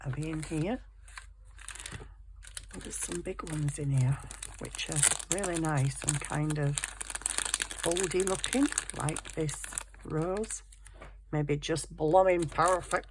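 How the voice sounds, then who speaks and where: Low, gravelly woman vlogging. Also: slow, pauses often, noisy background. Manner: rambling, self-deprecating, chatty. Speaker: craft vlogger. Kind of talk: casual crafting chat. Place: home craft desk.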